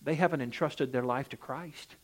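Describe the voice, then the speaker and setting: A man's voice: mid-range voice, moderate pace. A male preacher delivering a sermon, with an emphatic preaching cadence that rises and falls, often putting direct questions to the congregation.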